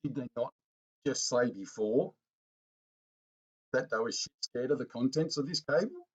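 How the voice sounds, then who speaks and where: A man's voice: mid-range voice, lively intonation, unhurried, slightly rough. Indignant man ranting. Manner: indignant, rambling, addresses viewers as folks. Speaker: political commentary channel host. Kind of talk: ranting commentary vlog.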